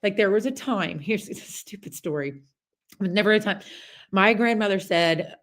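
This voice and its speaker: A middle-aged woman hosting a podcast, talking in a chatty, animated way with many asides and restarts as she gives a casual motivational talk. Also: medium pitch, moderate pace. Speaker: podcast host.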